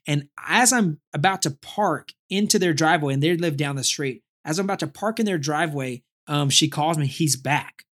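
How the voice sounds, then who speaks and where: Young man in casual chat, slightly higher voice, tells stories with lots of restarts and bursts of animation. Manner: animated, many restarts and repeated words.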